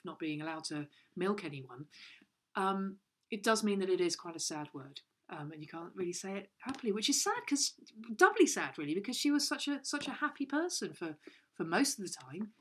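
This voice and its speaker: A woman's voice: mid-range voice, fairly bright tone. A woman telling a silly, rambling story for children, with playful voices and lots of restarts. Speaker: children's show co-host. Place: home.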